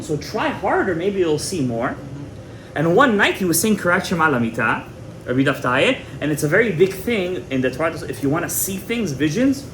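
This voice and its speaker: Animated male rabbi telling a story. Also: a little high, a little hiss or hum. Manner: dramatic retelling with repeated words and Hebrew terms. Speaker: rabbi giving a Torah class.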